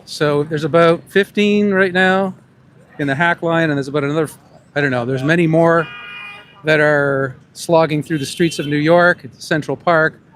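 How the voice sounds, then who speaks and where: On a busy city street beside a park, a street interviewer and animal rights activist stops passersby for his vox-pop vlog, calling out the same question over and over. His voice is fairly high and fairly bright, with slight background noise.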